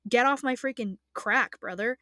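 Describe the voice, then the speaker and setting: A young woman rants with real passion, her fairly high voice tumbling through fillers, swears and restarts. She rambles casually and emotionally, circling back on her own thoughts. The sound is dry and close to the mic, with no room around her. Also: normal speed, sharp tone, dry recording. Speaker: anime fan ranting.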